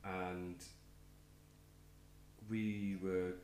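A man's voice: low-pitched, level tone, very slow, a little mellow, roomy sound, slight background noise. A man hosting a podcast who tells a rambling, anecdotal story in a casual chat. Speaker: podcast host.

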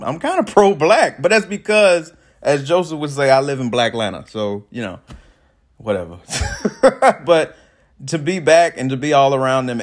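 Man, late 30s, from the Chicago suburbs. Lively, expressive pitch, laughs through a casual vlog story. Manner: animated, laughs often, swings from loud excitement to quiet asides. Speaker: vlogger.

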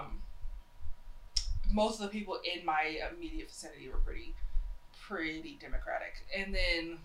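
A young woman talks in a loose, rambling way, full of fillers and restarts, and her voice sounds nasal and stuffed up. Her tone is bright and forceful. The room gives the recording a noticeable echo. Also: lowish voice, normal speed, long pauses, slight background noise. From North Carolina. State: nasal from a cold. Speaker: podcast co-host. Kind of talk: casual opinionated chat.

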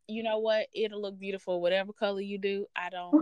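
A woman hosting a podcast, telling a workplace story in a blunt, profane, sassy and animated way. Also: mid-range voice, fast, few pauses, smooth, no room sound. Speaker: podcast host. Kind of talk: casual storytelling rant.

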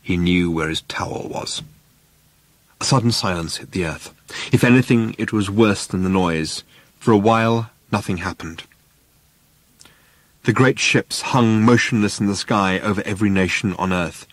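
A man reading an audiobook aloud in a measured, dry storytelling manner. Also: lowish voice, no echo. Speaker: narrator. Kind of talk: audiobook narration.

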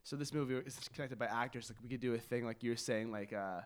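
A man's voice: mid-range voice, fast talker, smooth. A young man co-hosting a podcast in casual chat, rambling with lots of fillers. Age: young adult. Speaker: podcast co-host.

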